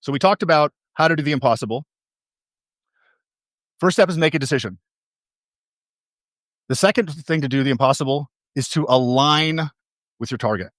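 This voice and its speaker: A man's voice: a little high, moderate pace, long pauses, a bit bright, no room sound, clean studio sound. A man giving a motivational stage talk as a coach. He tells stories, asks the audience questions and repeats key phrases for emphasis.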